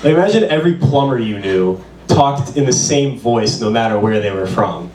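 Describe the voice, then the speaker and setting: A man's voice: medium pitch, animated, normal speed, a little mellow, slight background noise. A man doing a stand-up comedy set, with a loose, rambling delivery full of "like". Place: small bar performance room. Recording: roomy, distant, with audience.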